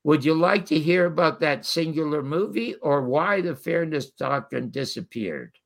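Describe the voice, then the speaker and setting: An older man telling animated stories as a guest, quoting the people in them. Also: a little high, normal speed, vocal fry. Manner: animated storyteller quoting others. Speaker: guest storyteller. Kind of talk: casual interview anecdotes.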